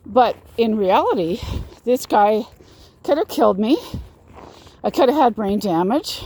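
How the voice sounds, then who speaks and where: With a warm, mid-range voice at a moderate pace, this woman casually tells a personal story to camera as a vlogger. She's emphatic and repetitive, often starting her sentences over, and there's a little hiss or hum in the audio.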